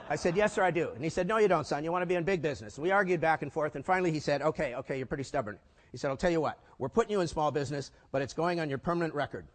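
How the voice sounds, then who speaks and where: An older man giving a keynote talk, telling stories with lively acted-out dialogue. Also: mid-range voice. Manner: animated storyteller acting out quoted dialogue. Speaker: keynote speaker. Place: conference hall. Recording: hall reverb.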